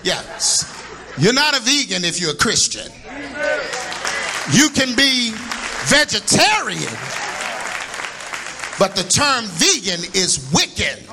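A man preaching a sermon to a congregation, joking and laughing and breaking into shouts. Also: sits high, big pitch swings, slow pace, pauses often, crowd noise. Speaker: pastor. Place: church before a congregation.

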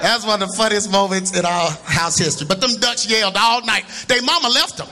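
A man preaching a sermon to a congregation, joking and laughing and breaking into shouts. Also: high voice, brisk, background noise. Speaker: pastor. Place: church before a congregation.

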